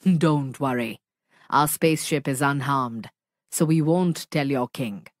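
A woman voicing a big, kind alien monster with a deep, dark, booming voice, speaking in a stern but gentle way in a storybook reading. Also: a little slow, no echo, clean studio sound.

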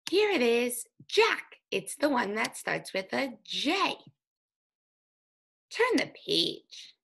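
A woman teaching an early reading lesson, speaking slowly and sounding out letters for young children. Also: fairly high pitch, very animated, creaky, fairly bright tone, husky. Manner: slow, sing-song, sounding out letters.

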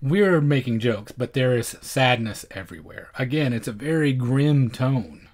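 A man's voice: medium pitch, expressive, a little slow, darkish tone. A man co-hosting a film podcast, chatting casually with wry, dry jokes. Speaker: podcast co-host.

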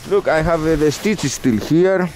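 A man's voice: fairly high pitch, measured pace. A man from Greece, a native Greek speaker, chatting outdoors as a travel vlogger in simple, friendly non-native English. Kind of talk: casual travel vlog chat. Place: outdoors in a seaside town. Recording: outdoor noise behind.

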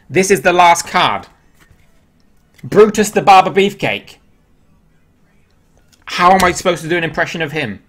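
A man's voice: a little high, fairly bright tone. Chatty English man hosting a livestream. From England. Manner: chatty, answers viewer questions aloud, laughs at himself. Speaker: livestream host. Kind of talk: casual live-stream chat.

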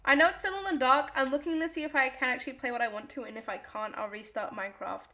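A woman's voice: high-pitched, fast, bright, forceful tone. A woman live streamer chatting casually and playfully, reading her chat aloud and answering it.

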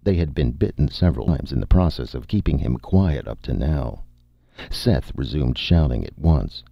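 Man, audiobook narration, husky gravelly voice, muffled lo-fi sound. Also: rumbling low, lively intonation, no echo. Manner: measured storytelling read. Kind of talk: scripted narration. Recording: dull, dry audiobook recording.

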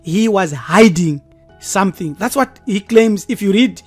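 A woman's voice: mid-range voice, expressive, a little slow, darkish tone, husky. Emphatic woman presenter over faint music. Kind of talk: scripted presentation narration.

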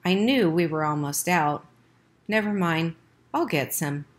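A woman voicing an anxious, gentle mother who soothes her sick son. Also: fairly low pitch, animated, a little slow. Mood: worried. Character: worried gentle mother, middle-aged.

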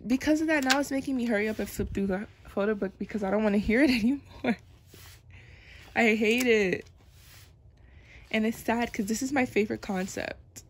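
A woman's voice: a little high, moderate pace, pauses often, slight background noise. A young woman chatting playfully as she unboxes an album, laughing and complaining dramatically. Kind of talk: casual unboxing chat.

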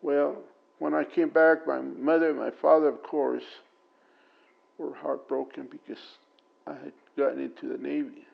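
Older man, interviewee, gravelly and somewhat high, dull lo-fi tape sound, calm storytelling with pauses. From Prescott, Arizona. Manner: plain unhurried storytelling with many pauses and fillers. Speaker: oral history interviewee. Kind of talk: recounting memories.

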